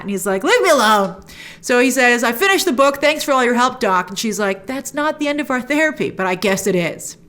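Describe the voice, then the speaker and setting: Expressive woman host, higher voice, chatty episode recap with acted-out quotes. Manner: animated, acts out characters' lines in quick voices; frequent asides and restarts. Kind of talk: casual spoken review.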